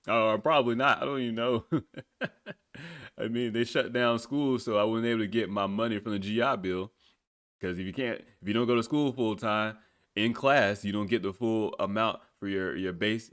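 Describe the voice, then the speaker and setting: Sarcastic, profane, and quick to burst out laughing, a young American runs his own political podcast alone. His voice sits lowish with a bit of brightness, captured at studio quality with no echo.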